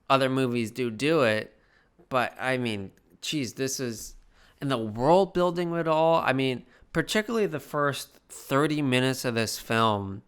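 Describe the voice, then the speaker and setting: A man's voice: medium pitch, smooth. Tipsy, profane man rambling a film review. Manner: rambling, profane, animated, with many restarts. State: slightly tipsy. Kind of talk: casual video review.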